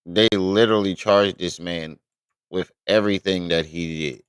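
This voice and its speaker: A man's voice: sits low, steady tone, moderate pace, clear, resonant tone, no echo. A man hosting a live stream, reacting bluntly and with exasperation, swearing often.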